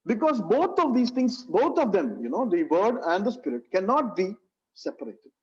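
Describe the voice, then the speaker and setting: A man's voice: sits high, big pitch swings, normal speed, darkish tone. A man teaching a Bible study, earnest, repeating phrases and saying "you know" often. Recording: dull lo-fi sound.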